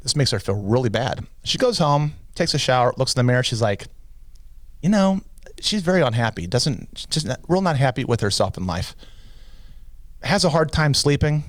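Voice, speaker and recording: A man co-hosting a podcast, telling a long joke in casual chat and pitching his voice up to play the characters. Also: moderate pace, dry recording. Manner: animated storyteller, pitches voice up for characters. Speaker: podcast co-host.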